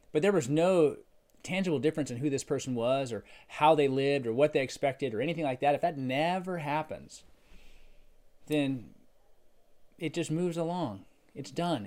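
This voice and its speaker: A middle-aged pastor preaches a sermon in a conversational tone, building to loud, emphatic peaks before dropping back low and quiet.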